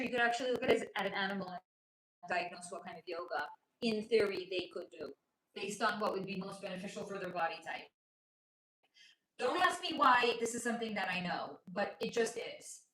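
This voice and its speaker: A woman with a fairly high, fairly bright voice livestreams from home, her child close by, in a roomy, low-quality recording. As a spiritual reader hosting casual chat, she responds to viewer comments, teases people playfully, and laughs a lot.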